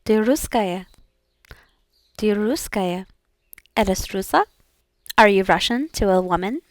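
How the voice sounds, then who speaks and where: A woman's voice: mid-range voice, lively intonation, takes it slowly, dry recording, studio quality. A young woman learning languages, repeating practice words aloud and chatting casually with fillers.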